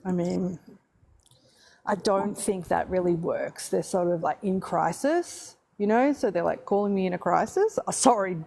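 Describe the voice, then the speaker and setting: A woman co-hosting a live stream, talking in a laid-back, low-key way with some teasing. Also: animated, measured pace, gravelly, warm tone, husky. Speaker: livestream co-host. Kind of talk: casual group chat on a live stream.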